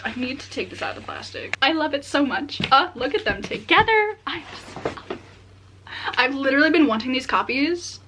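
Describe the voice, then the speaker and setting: A young woman chats excitedly through a casual book-unboxing vlog, leaning on filler words as she talks. Her voice is bright and sits a little high. A faint hiss of noise sits under the recording. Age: young adult. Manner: excitable and chatty, many "like" fillers. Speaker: book vlogger.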